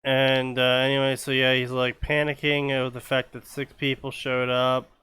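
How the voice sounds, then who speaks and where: A man's voice: mid-range voice, completely flat delivery, normal speed, bright, forceful tone, smooth, dry recording. A man hosting a podcast, casually commenting on fanfiction in a rambling way full of ums and restarts. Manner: rambling, many fillers and restarts. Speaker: podcast host.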